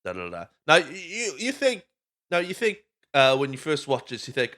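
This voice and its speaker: A man's voice: a little high, wildly swooping pitch, moderate pace, bright, forceful tone. A Welsh man hosting a podcast, casually rambling through a film recap, swearing freely and acting out lines. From Wales. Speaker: podcast host. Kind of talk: casual movie recap monologue.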